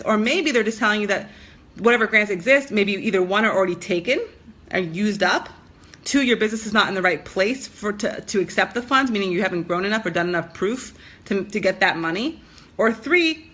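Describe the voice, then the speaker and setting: A woman's voice: medium pitch, a bit bright. A young adult woman talking to camera as a business coach, recounting conversations in a blunt, exasperated way. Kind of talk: casual talk to camera.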